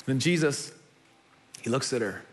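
A young man preaching a sermon, telling stories in an animated way and repeating words as he builds a point. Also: mid-range voice, measured pace, slight background noise. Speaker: pastor.

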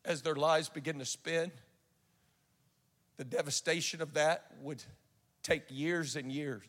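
A man's voice: fairly high pitch, steady tone, unhurried, a bit bright, big-room sound. A man preaching a sermon and telling a personal story in an earnest way, often restarting his sentences. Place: church sanctuary.

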